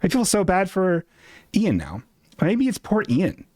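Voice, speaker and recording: Streamer host, male, self-mocking ranter, lively pitch, dry close mic. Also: a little slow, dry recording. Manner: animated, self-mocking, jumps into high squeaky voices for quotes. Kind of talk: casual live-stream rant. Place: apartment.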